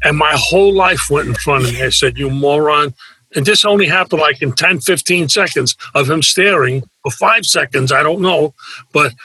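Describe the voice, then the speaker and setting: A brash, wisecracking actor and nightclub performer tells casual anecdotes as an interview guest, acting out the people he quotes. His voice is a little high, sharp and slightly breathy at a moderate pace, in a rough recording with no echo.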